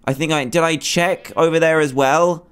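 A man in his twenties giving animated, self-mocking commentary on his Minecraft survival game, talking to himself as he plays. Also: a little high, normal speed, clear, resonant tone. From England. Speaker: gaming YouTuber. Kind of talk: Minecraft let's play commentary.

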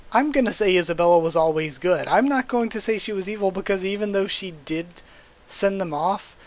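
Young man, comic readthrough host, emotional reactions, fairly high voice. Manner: animated, openly emotional reactions. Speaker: channel host reading a comic.

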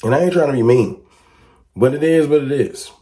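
A man giving casual fan commentary to camera, talking emphatically and asking a stream of rhetorical questions. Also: a little fast. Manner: rises to excited high-pitched exclamations when reacting to clips.

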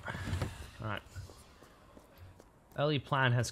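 A man's voice: medium pitch, slow pace, noisy background. A man streaming a game, giving cheeky, scheming commentary with chuckling asides. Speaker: streamer playing a social deduction game. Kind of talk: gameplay commentary.

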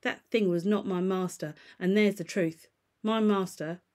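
A woman's voice: mid-range voice, steady tone, a little slow, darkish tone, lightly acted. A woman voicing an urgent, frightened old butler. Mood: insistent. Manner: urgent, pleading, insistent. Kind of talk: storybook reading.

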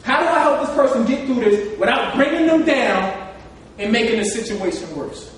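Brief: high-pitched man from New Jersey, motivational speaker, heard from across an echoey hall. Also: animated, moderate pace, distant mic, slight background noise. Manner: emotional, repetitive, storytelling. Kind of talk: live talk to an audience.

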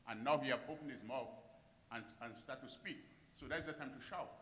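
A man's voice: mid-range voice, a little fast, sharp tone. A man in a church Bible study speaking in an exhorting way. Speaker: congregant. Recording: long church reverb.

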